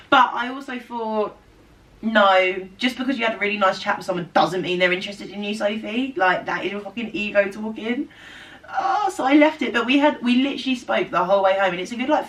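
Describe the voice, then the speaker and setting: A young woman tells a long storytime to camera in a chatty, animated way. She swears freely and acts out every line of dialogue. Her voice sits in a middle pitch and sounds a little distant from the mic. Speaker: vlogger. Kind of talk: casual storytime chat.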